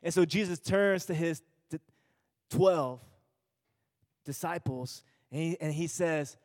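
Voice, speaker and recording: A man's voice: a little high, slow, a little mellow, in a large hall. A male pastor giving an earnest sermon, repeating himself and restarting phrases as he speaks.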